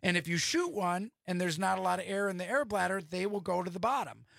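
Male radio host, gravelly and bright, dry studio sound, eager storyteller. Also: high-pitched, lively intonation, fast, no room sound. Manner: enthusiastic storyteller. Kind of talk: casual studio chat.

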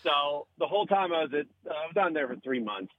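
Fast-talking and fairly high-pitched, this male radio show guest, a comedian who hosts a podcast, spins a lively story in casual chat, doing character voices and laughing frequently. The audio is lo-fi with no room sound.

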